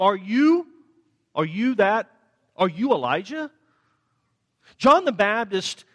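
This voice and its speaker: A male pastor preaching a sermon, swinging between loud, raised questions and quiet, low answers as he acts out the exchange. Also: long reverb tail.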